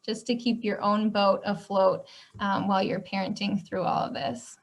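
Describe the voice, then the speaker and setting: A woman from Minnesota with a Minnesota accent, a school counselor explaining parenting strategies gently, often adding 'um' and 'right?'. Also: medium pitch, flat delivery, moderate pace, creaky, a little hiss or hum. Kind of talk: parenting presentation.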